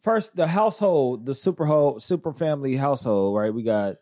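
A man hosting a casual podcast chat, rambling and halting with many fillers. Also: medium pitch, animated, mellow, no echo, studio quality. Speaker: podcast host.

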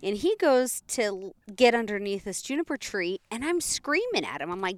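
A woman telling a story in casual chat, animated and laughing often, with playful sound effects. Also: mid-range voice, moderate pace, few pauses, no echo, studio quality.

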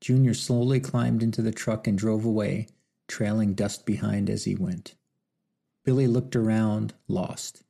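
A man narrating an audiobook in a measured, somber storytelling manner. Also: lowish voice, steady tone, vocal fry, dark tone. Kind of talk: scripted narration.

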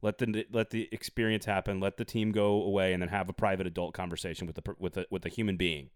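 A man hosting a casual sports podcast, getting animated and worked up, tossing in jokey plugs. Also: low voice, fast talker, clear, resonant tone, no room sound, clean studio sound. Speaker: podcast host.

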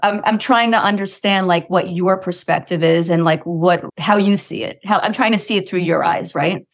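Low-voiced woman interviewer. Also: moderate pace. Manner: thoughtful, hesitant, many restarts and "like". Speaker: podcast interview host. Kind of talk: interview questions.

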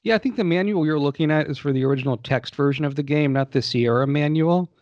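A man's voice: fairly high pitch, quick pace, darkish tone, no echo. Guy rambling and joking on a podcast, dry dull lo-fi sound. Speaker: podcast co-host. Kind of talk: casual chat about retro games.

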